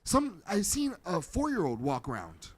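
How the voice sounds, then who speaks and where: A man's voice: high-pitched, moderate pace, breathy edge, no room sound. A man, joking and mocking in a casual reaction chat as co-host. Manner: animated, mocking, bursts into shouting. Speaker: podcast co-host reacting to videos.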